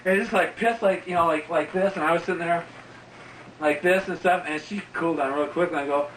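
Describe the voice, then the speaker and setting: A man's voice: on the high side, brisk, a bit bright. A man in his forties telling a casual story in a rambling way, full of fillers and asides. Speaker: interviewee. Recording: distant mic with faint background noise.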